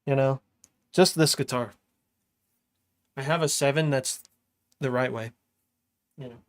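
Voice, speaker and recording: A man's voice: mid-range voice, measured pace, dry recording. Laid-back young man, dry close mic. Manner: laid-back, slangy, laughs often, talks while working. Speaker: music producer streaming. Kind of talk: casual livestream chat. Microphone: studio microphone.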